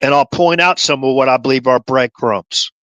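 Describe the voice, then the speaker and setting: A man's voice: mid-range voice, normal speed, a bit bright, no echo, lo-fi sound. A man hosting a livestream, rambling and repeating himself as he lays out his theories. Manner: rambling, repetitive, conspiratorial. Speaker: livestream host.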